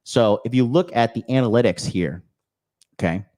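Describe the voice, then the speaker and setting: A man's voice: medium pitch, moderate pace, a little mellow. A man hosting his own show, delivering a profane, aggressive rant straight to his audience, cursing and repeating himself for emphasis. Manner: aggressive, cursing, repetitive ranting; mocks opponents in sneering quoted voices. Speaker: podcast host. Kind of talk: profane angry rant to camera.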